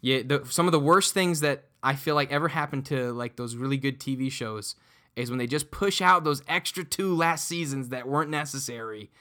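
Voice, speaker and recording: Brief: podcast guest, man, earnest, trips over his words, bright voice. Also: medium pitch, normal speed. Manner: earnest, restarts and repeats words often. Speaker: podcast guest and dungeon master. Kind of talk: casual podcast chat.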